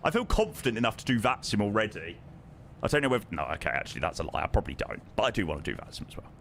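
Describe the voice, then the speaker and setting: Man, London accent, live-stream chat, lively swooping voice, faint background hiss. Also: on the low side, very fast. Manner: chatty, reads viewer names and questions aloud. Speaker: flight sim streamer.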